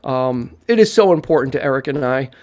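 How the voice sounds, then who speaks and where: A man's voice: mid-range voice, lively intonation, fairly quick, darkish tone. A man co-hosting a live-streamed film podcast, chatting casually in a rambling way with many restarts and playful jokes. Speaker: podcast co-host. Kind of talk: casual live-stream chat about films.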